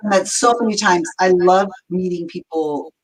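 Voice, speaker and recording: A woman's voice: on the low side, moderate pace, poor audio. A woman guesting on a podcast, talking enthusiastically in a rambling way with lots of fillers. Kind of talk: casual chat.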